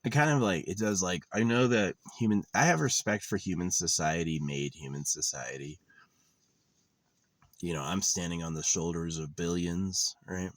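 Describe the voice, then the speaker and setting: Deep, dry-voiced man rambling sardonically. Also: normal speed, fairly bright tone, dry recording. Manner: meandering, sardonic, swears casually. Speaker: vlogger. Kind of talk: rambling monologue. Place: lives in a van.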